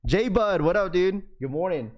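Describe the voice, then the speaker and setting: A young man hosting a live stream, chatting casually with viewers in an energetic, slangy, talkative way. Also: sits high, moderate pace. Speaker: livestream host.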